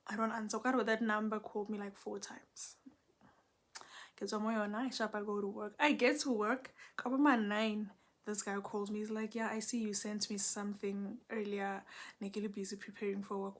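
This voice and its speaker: A young South African woman who speaks Setswana tells a story casually and with animation, code-switching frequently. Her voice is a little high.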